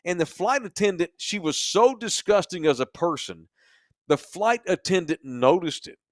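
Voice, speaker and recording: A man's voice: sits high, animated, normal speed, no echo, clean studio sound. A man co-hosting a podcast, telling a crude, mocking travel story with lots of profanity. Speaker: podcast co-host. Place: sports bar studio.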